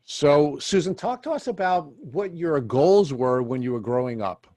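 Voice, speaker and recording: A man's voice: on the high side, animated, a little slow, mellow, no room sound, clean studio sound. A man co-hosting a podcast, asking his guest questions in a courteous, somewhat formal way. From Long Island, New York. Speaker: podcast co-host. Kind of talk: interview questions.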